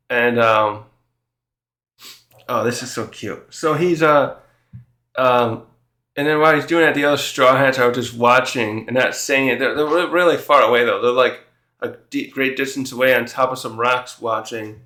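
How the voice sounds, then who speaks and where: A man's voice: mid-range voice, normal speed, pushed and bright, roomy sound. A man hosting a casual chapter review, thinking aloud and retelling the characters' dialogue in his own words. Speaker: manga reviewer and channel host.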